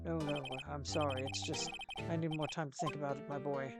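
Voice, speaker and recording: A woman's voice: deep voice, fairly even intonation, fairly quick, voice pushed down, natural voice. A woman voicing a troubled, fatherly older male lawyer with a British accent, hesitant and evasive, with game music behind. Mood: flustered. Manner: hesitant, flustered, deflecting.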